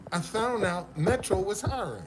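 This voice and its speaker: A man's voice: high-pitched, lively intonation, normal speed. A man giving a personal testimony to an audience, with casual slangy speech and stammering restarts as he tells his story. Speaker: motivational speaker.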